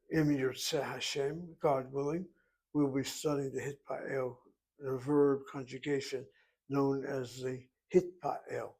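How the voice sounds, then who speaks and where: Man, Hebrew teacher, gravelly voice, slightly raspy, methodical explanations. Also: medium pitch, a little mellow. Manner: methodical, reads dialogue then explains grammar. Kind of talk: self-paced language lesson.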